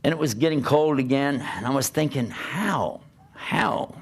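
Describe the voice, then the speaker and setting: An older man preaching through a personal story, animated, laughing and acting out the dialogue. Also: medium pitch, fast. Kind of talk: storytelling talk.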